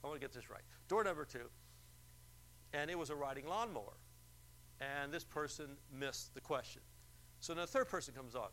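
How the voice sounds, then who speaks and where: A male preacher speaks with a somewhat high voice at a church service. He tells a story and keeps asking the congregation rhetorical questions. A faint hum sits behind him. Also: animated, normal speed, pauses often, a bit bright, rough recording. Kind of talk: sermon.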